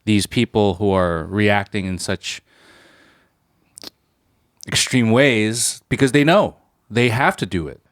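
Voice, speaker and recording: A man's voice: lowish voice, slow, pauses often, no echo, studio quality. A man co-hosting a casual podcast conversation, thinking aloud and restating each point as he builds it. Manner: thoughtful, piling up restatements.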